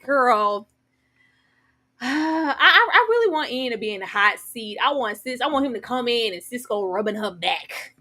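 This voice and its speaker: This is a woman co-hosting a casual recap of a TV series. Her voice sits a bit high, and she talks with sassy, animated energy, often breaking into quick impressions of the characters. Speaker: podcast co-host.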